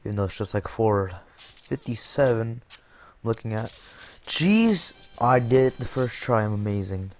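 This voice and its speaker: A young man giving jokey let's-play commentary over a game, excitable, with sudden yelps and shouts. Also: fairly low pitch, normal speed. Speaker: gaming YouTuber.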